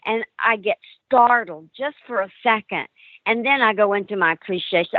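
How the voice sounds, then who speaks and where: A woman paranormal investigator, a guest on an interview show, telling her stories with lively acted-out quotes. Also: medium pitch, normal speed. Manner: animated storyteller acting out quotes. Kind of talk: storytelling in a call-in interview. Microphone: phone. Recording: tinny dry phone line.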